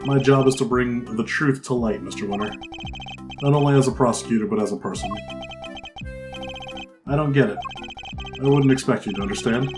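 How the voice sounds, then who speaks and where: A proud, principled prosecutor who speaks in a measured, dignified manner, as a man reads him. His voice sits in a plain middle register. Soft game music plays in the background. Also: medium pitch, close to an everyday voice. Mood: calm.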